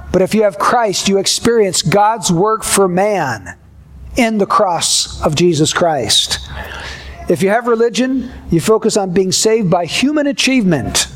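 A male pastor preaching a sermon in a measured, deliberate way, building repeated contrasts. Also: high-pitched.

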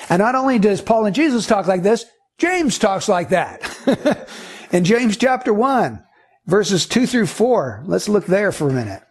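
A man's voice: high-pitched, husky. A man preaching a sermon, reading scripture aloud and teaching earnestly through rhetorical questions.

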